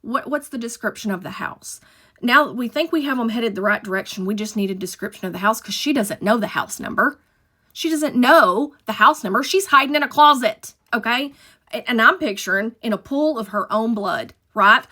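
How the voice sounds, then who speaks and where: A woman's voice: fairly high pitch, lively intonation, moderate pace, pushed and bright. A middle-aged woman telling a story about her old dispatch job in a profane, emphatic, dramatic way. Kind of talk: casual storytime monologue.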